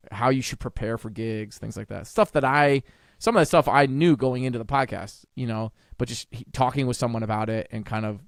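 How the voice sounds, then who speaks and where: A jazz trumpeter and educator joins a podcast as a guest for a casual interview. He's smooth-voiced and enthusiastic, jumping up in pitch for emphasis and talking in quick bursts with restarts, all in a dry, clean studio recording.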